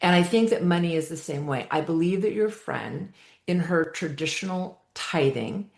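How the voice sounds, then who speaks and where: A woman guest, a wealth advisor, calmly explaining her views in a podcast interview. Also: lowish voice, normal speed, gravelly. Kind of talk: interview conversation. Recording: echoey room sound.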